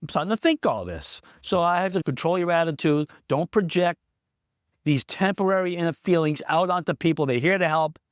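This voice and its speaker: A man's voice: a little high, animated, fairly quick, no room sound, studio quality. A man who runs a small business, telling a candid personal story in a vlog, plain-spoken and reflective. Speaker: small business owner in recovery.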